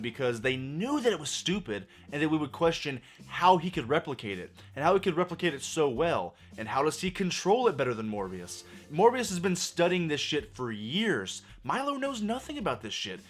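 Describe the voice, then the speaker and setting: Hoarse, exasperated man ranting. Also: a little high, a bit bright. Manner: exasperated, profane, emphatic. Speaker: movie reviewer. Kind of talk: ranting film review.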